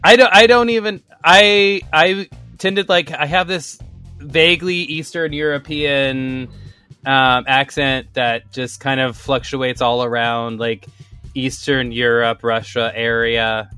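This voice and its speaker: Co-host, man, stumbling casual delivery, bright and forceful tone. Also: mid-range voice, steady tone, smooth, faint music behind. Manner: halting, repeats words. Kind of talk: casual chat.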